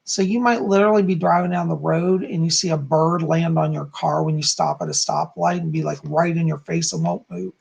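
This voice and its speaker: A man's voice: fairly high pitch, steady tone, fairly quick, creaky, hardly any pauses, darkish tone, breathy edge. A man giving live psychic readings, chatting as he answers viewers one by one. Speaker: psychic medium.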